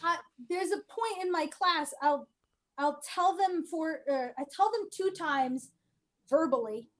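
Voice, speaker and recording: A woman's voice: extremely high pitch, normal speed. A woman guest in a casual chat, rambling and wry, with lots of "like" fillers. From United States. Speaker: guest cosplayer.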